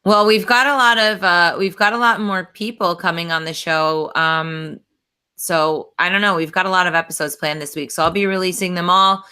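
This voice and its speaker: Lady hosting a chat show, bright voice, casual and teasing. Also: fairly low pitch, steady tone, clean tone. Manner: chatty and upbeat, quick to tease. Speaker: podcast host.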